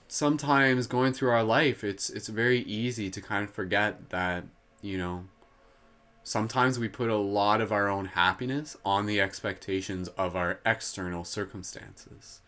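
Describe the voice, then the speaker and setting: Man, lowish voice, meditation host, soothing guidance, playful giggles between. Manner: slow, soft and soothing when guiding. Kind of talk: guided meditation.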